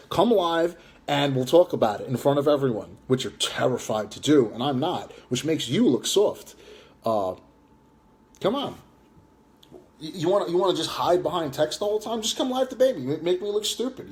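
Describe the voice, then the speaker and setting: A man livestreaming a combative rant, reading chat aloud and taunting viewers, swearing and jeering as he goes. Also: on the high side. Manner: swears and jeers.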